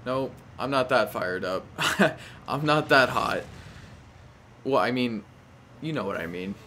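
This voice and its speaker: Animated young man narrating his gameplay. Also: medium pitch, a little slow, slight background noise. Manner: animated, talks to the game, frequent exclamations. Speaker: gameplay commentator. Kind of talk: casual live gameplay commentary.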